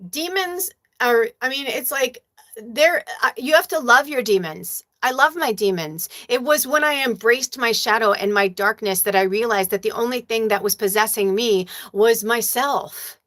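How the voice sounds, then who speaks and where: A woman's voice: fairly high pitch, moderate pace, a bit bright. Emotional, blunt woman medium. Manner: emotional, profane storytelling; reads viewer comments aloud. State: tearful at times. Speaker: spiritual medium, livestream host. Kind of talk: casual livestream chat.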